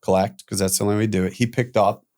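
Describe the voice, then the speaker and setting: A man guest on a podcast telling his own story candidly, animated, acting out quoted voices and swearing casually. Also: lowish voice, quick pace.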